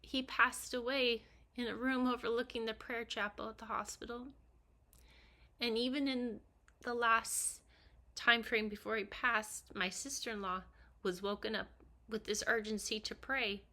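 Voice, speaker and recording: A middle-aged woman telling an emotional personal story in an earnest, halting way, sometimes dropping to a near whisper. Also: fairly high pitch, steady tone, bright, forceful tone. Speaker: vlogger recounting her husband's death.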